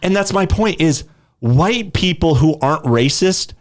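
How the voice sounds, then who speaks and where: A man's voice: fairly high pitch, lively intonation, measured pace. A young man co-hosting a podcast in casual chat, blunt, profane and sarcastic. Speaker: podcast co-host.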